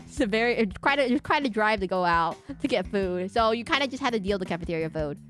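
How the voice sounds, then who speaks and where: A woman's voice: medium pitch, animated, fast, a bit bright, faint music behind. A young adult woman casually commenting while streaming a game, chatty and jokey, laughing often.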